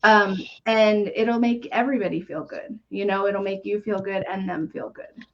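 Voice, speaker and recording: A woman hosting a live numerology reading, talking gently and earnestly with soft fillers and small laughs. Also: medium pitch, fairly even intonation, moderate pace. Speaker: numerology reader and podcast host. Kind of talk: live reading on a video call. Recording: dull lo-fi stream audio.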